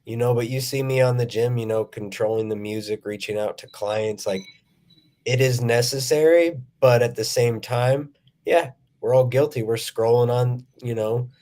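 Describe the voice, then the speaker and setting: A man who works as a fitness trainer chats as a podcast guest. He speaks in a relaxed, conversational way. His voice has a middle pitch. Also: normal speed. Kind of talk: casual chat.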